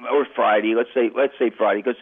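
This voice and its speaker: A man's voice: medium pitch, steady tone, fairly quick, breathy edge. An older man telling a long, rambling story as a guest, correcting himself as he goes, heard over a phone-like radio line. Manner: rambling, self-correcting anecdote. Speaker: interview guest. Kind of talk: casual storytelling.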